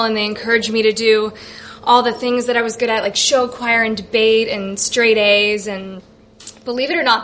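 A woman's voice: medium pitch, bright, forceful tone. A woman around thirty telling a wry, self-deprecating personal story on stage. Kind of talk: live comic personal storytelling. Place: coffee shop stage.

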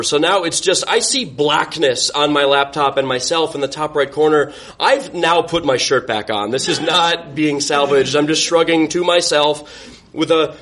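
A man tells a personal story on a live stage in a casual, self-mocking way, with a slightly higher voice. He laughs often through the telling. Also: a bit bright.

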